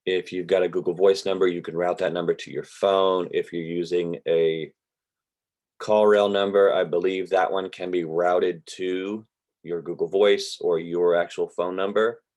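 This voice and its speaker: A man, teaching an online real estate class in a relaxed, rambling way over a video call. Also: sits low. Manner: relaxed, rambling, drawls with y'all. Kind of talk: casual online class lecture. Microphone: computer mic on a video call.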